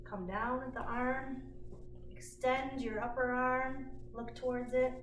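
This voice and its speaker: A woman's voice: sits high, steady tone, slow pace. A middle-aged woman leading a kids' exercise class, encouraging and counting reps aloud. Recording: roomy, distant, faint noise.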